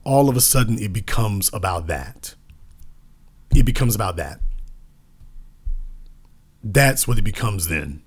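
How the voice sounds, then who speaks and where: A man giving a political commentary monologue, emphatic and repetitive, slowing down to stress key words. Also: on the low side, lively intonation, slightly rough.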